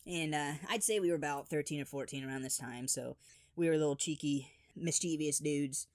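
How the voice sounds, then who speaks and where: A man telling funny childhood stories in an animated, exaggerated voice-over. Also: a little high, brisk, no room sound, studio quality. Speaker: storyteller. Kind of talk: animated comedic storytelling.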